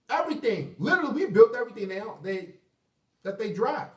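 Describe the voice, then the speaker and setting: High-voiced man ranting profanely, echoey room. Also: very animated, fast talker. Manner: profane, emphatic, combative. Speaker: vlogger. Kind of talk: ranting livestream monologue. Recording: echoey room, far from mic.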